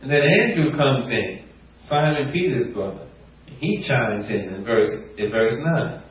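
A man preaching a sermon, animated, acting out quotes and rising to near shouts. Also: medium pitch, a little slow. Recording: echoey room, distant mic, muffled.

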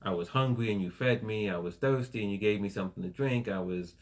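A man's voice: fairly low pitch, fast talker. A man preaching a sermon in a casual, conversational way, often asking "right?" and laughing along with listeners. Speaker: pastor.

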